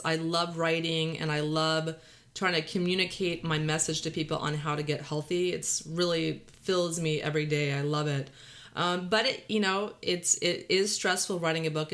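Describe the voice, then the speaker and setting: A woman podcast host with a Texan drawl under a Valley Girl lilt. Her voice is bright, sitting a little low for a woman. She chats casually, pokes fun at herself and laughs often. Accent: Texan drawl mixed with Californian Valley Girl. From Texas. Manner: chatty and self-deprecating, laughs often.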